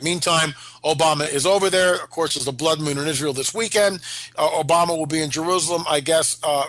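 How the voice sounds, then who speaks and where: A man hosts talk radio in a loose, rambling way, stopping and restarting his words. His voice sits a little high. It sounds congested from allergies, and the mic sound is dry and close. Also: a bit bright, dry recording. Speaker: radio show host. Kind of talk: casual talk radio monologue.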